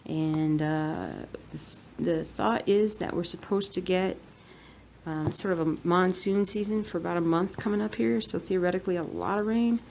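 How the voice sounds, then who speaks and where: A woman in her thirties talks while she stitches, rambling gently and dropping to a murmur now and then. Her voice sits low with a gravelly edge. A faint hiss of room noise runs under it. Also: moderate pace. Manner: soft-spoken, rambling, murmurs to herself while working. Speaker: cross-stitch vlogger. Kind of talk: relaxed stitch-along chat.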